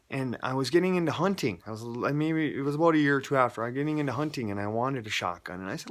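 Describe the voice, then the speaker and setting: A man's voice: medium pitch, animated, fast talker, a bit bright. A man with a twang shares a personal testimony in a loose, heartfelt way. He rambles and jumps between stories, earnest and emotional, like chatting with friends. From North Dakota, USA. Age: adult with a child. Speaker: believer giving a testimony.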